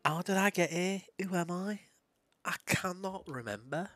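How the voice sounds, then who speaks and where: A man puts on a posh young amnesiac, earnest and bewildered, speaking higher than his own voice. Dry, close sound. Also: expressive, moderate pace, fairly bright tone, no room sound.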